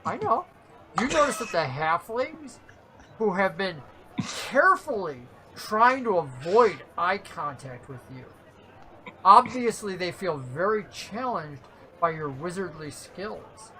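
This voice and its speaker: A woman narrating a tabletop game as game master, lively and playful. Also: fairly low pitch, slow, poor audio. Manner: lively, playful, laughs often.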